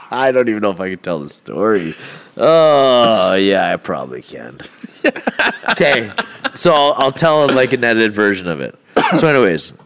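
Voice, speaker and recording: A man's voice: on the low side, smooth. A man who is a fighter, guesting on a podcast and telling a rowdy, profane story in a casual way, laughing often.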